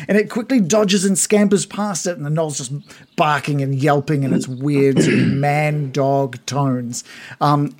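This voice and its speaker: Male game master, casual rambling scene narration, slightly high voice. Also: a little mellow. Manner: rambling descriptive narration with fillers.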